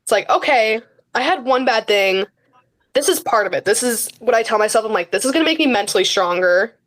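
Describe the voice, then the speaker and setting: Here the high school runner sounds a little high and expressive, speaking a bit fast with a fairly bright tone. As a teen podcast guest in a relaxed interview, she rambles chattily, leans on fillers, and keeps quoting her own words to others.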